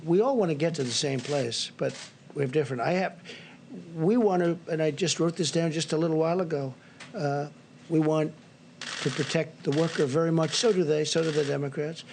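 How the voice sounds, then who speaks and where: A man's voice: a little high, a little fast, creaky, darkish tone, a little hiss or hum. An older man giving remarks at a press briefing, rambling and repetitive, piling on superlatives. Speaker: briefing speaker at press podium.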